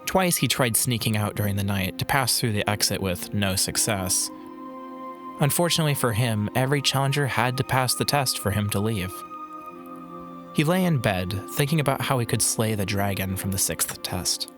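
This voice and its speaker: A man narrates a fantasy audiobook with measured, dramatic delivery. His voice sits fairly low. Music plays under the narration throughout. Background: background music.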